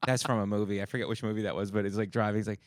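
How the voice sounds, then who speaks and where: A man's voice: lowish voice, fairly even intonation, rapid-fire, no room sound, studio quality. A man co-hosting a comedy podcast, riffing in a rambling casual chat. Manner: rambling, riffs with quoted voices.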